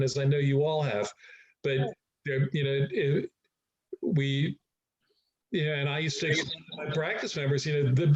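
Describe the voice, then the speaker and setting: A man's voice: on the high side, lo-fi sound. A man, a chiropractor, talking reflectively in a casual group discussion over a video call, rambling with restarts.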